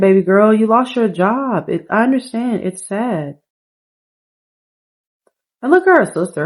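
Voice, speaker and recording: A woman's voice: medium pitch, darkish tone. Chatty woman narrating her game. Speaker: gameplay streamer. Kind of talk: casual let's-play commentary.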